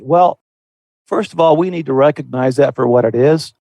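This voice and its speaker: A man's voice: a little high, moderate pace, a little mellow, dry recording. A man hosting a Christian podcast, explaining in an earnest, folksy way with frequent restarts. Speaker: podcast host. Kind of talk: conversational Christian podcast discussion.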